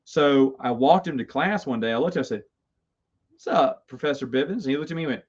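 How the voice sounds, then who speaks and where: A man's voice: mid-range voice, rapid-fire, darkish tone. A middle-aged man casually telling stories about his college days, rambling and self-amused, with stammered restarts. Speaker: host. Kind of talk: casual storytelling. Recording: slightly dull lo-fi sound.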